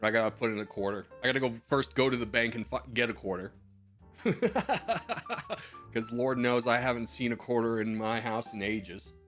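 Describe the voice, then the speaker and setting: A man's voice: mid-range voice, steady tone, quick pace, hardly any pauses, a bit bright, soft background music. A man in his twenties, a streamer in casual chat, giving rambling advice with slang and the odd swear while answering viewer messages.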